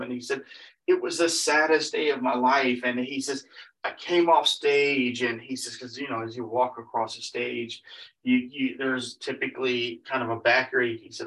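A man's voice: medium pitch, pushed and bright. A man preaching, retelling another man's story in a rambling way, with many repeated "he said" tags and restarts. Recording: voice picked up from a distance.

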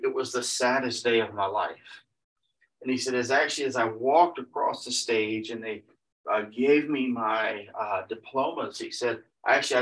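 A man preaching and retelling a story in a loose, meandering way, stacking "he said" on almost every line. His voice sits at an ordinary middle pitch for a man. The microphone is set back from him, so he sounds distant. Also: fairly bright tone. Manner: rambling, retelling with many repeated "he said" tags and restarts. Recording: voice picked up from a distance.

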